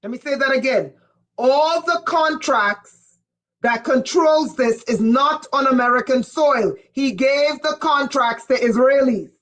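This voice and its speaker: A woman giving an impassioned livestream monologue, emphatic and profane, with sudden bursts of shouting. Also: high voice, moderate pace, few pauses, poor audio. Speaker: livestream speaker.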